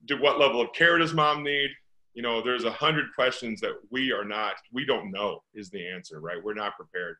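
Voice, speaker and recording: The recording quality is poor, but you can hear a man of medium pitch with a bright, forceful tone talking at a normal speed. He's a middle-aged St. Louis real estate investor in a conversational interview, earnest and full of rhetorical questions.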